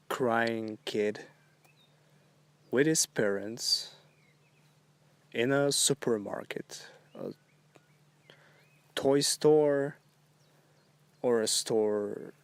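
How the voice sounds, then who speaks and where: A man hosting a solo podcast, musing in a rambling, halting way with drawn-out phrasing. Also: medium pitch, clear, resonant tone. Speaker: podcast host. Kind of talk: solo philosophical monologue.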